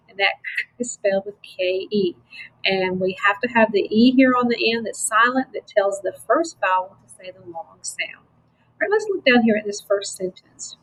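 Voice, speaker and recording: Woman teacher, patient phonics lesson, husky voice, slow and encouraging. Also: medium pitch, low-quality recording.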